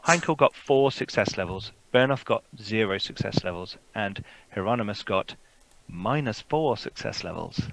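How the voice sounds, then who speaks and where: A man's voice: on the low side, expressive, normal speed, vocal fry, fairly bright tone, a little hiss or hum, rough recording. A man narrating as game master, loose and chatty, with many fillers and laughs. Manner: loose, chuckling, full of fillers.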